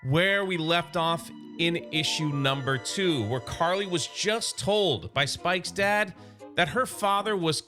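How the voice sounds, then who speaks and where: Casual male comics recapper, high and bright voice, excitable and chatty, faint music underneath. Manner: excited, chatty storyteller paraphrasing characters. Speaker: comic book recap YouTuber.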